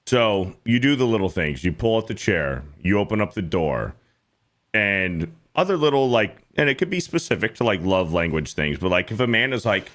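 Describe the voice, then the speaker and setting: A man's voice: very animated, normal speed, fairly bright tone. Blunt, profane man hosting a podcast. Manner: blunt, profane, mimics others in high mocking voices. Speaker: podcast host. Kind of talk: casual podcast chat.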